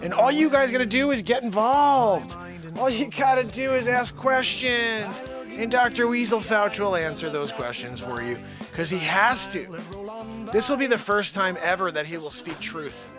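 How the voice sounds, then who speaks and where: A man hosting his nightly live show, joking around and swinging between loud hype and low mutters. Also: moderate pace, music in the background. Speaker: host. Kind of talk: comedic live-stream banter.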